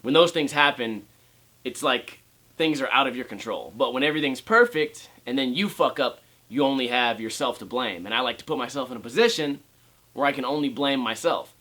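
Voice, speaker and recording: A young man's casual home vlog about skateboarding turns into a sarcastic, swearing rant with frequent mockery of others' voices. His medium-pitched delivery is animated, a little fast, pushed, and bright.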